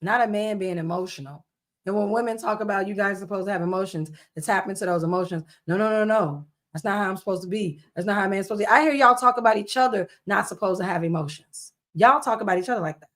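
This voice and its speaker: A woman's voice: mid-range voice, fast talker, fairly bright tone. A woman giving casual reaction commentary, blunt and scolding, repeating her points with emphasis.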